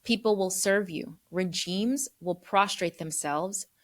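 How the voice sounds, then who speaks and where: A woman voicing an old father who is blind, speaking slowly and solemnly. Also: medium pitch, natural voice.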